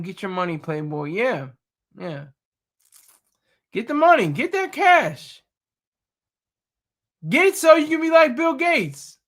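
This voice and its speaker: A man with a high, sharply bright voice, chatting casually and excitably. He keeps tripping over his words and restarting his sentences. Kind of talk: casual chat.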